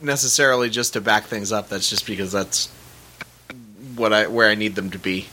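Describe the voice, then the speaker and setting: A man co-hosting a podcast, chatting casually in a wry manner, quick to correct others. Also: lowish voice, steady tone, bright, forceful tone. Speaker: podcast co-host. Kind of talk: casual chat.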